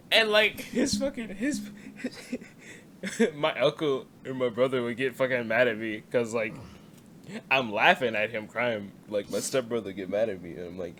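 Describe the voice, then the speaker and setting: A young man chatting casually on a podcast, animated and stammering, swearing and laughing a lot. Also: medium pitch, measured pace, a little hiss or hum. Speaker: podcast co-host. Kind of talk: casual chat.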